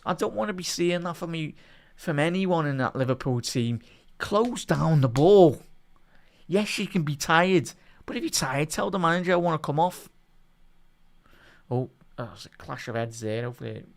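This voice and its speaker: Man, high smooth voice, live fan match commentary, excitable, mutters then shouts. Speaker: watch-along match commentator.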